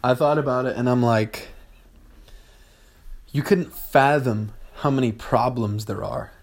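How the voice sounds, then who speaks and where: A young man talks through big ideas in a loose, rambling podcast monologue. He swears freely and flares into exasperation, then settles back into musing at a mid-range pitch. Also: a little slow. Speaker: podcast host. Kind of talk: casual philosophical monologue.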